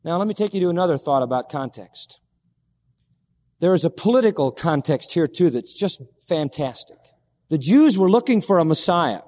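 Guy preaching, pretty high voice, hammers his points and keeps asking the crowd stuff, long reverb like a big hall. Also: darkish tone. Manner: emphatic, repeats key words, asks the audience questions. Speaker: pastor. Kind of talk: sermon.

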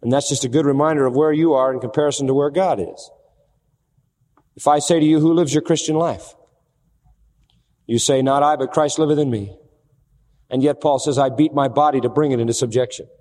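A man's voice: mid-range voice, steady tone, a little fast, long pauses, a little mellow, big-room sound. A man preaching a sermon, posing questions to the congregation and answering them with emphasis.

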